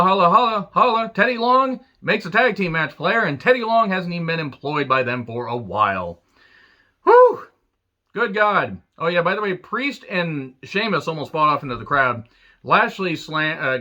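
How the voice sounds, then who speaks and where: Male reviewer, bright forceful voice, crude sarcastic rant, a bit higher pitched. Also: lively intonation, moderate pace, lo-fi sound. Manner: sarcastic, crude jokes, frequent swearing. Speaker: wrestling show reviewer. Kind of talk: profane ranting recap.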